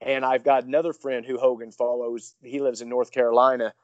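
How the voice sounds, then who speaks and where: A man, a professional wrestler, telling a story in an interview, rambling excitedly with many restarts. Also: mid-range voice, a little fast, no room sound, lo-fi sound.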